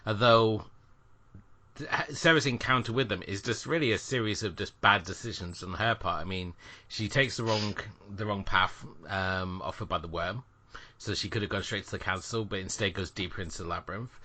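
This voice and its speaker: A man co-hosting a film podcast, chatting casually and thinking aloud with quick asides. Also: fairly low pitch, pushed and bright. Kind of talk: casual chat.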